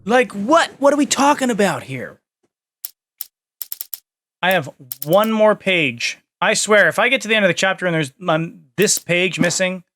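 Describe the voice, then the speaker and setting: A man streaming himself playing a game, reacting in an excitable, chatty way. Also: high-pitched, moderate pace, a little hiss or hum. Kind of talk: casual gameplay commentary.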